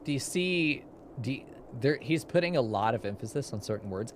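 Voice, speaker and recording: A young man in the middle of his normal pitch range, talking casually while reacting to a game. He rambles, loops back, and drops asides as he thinks out loud, with faint noise behind him. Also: animated, normal speed. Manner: chatty, rambling, frequent fillers and asides. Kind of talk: casual commentary.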